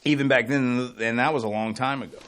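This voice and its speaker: A man's voice: medium pitch, brisk. Rambling man on local radio. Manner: rambling storyteller, animated when excited. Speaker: radio show co-host. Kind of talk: casual on-air chat.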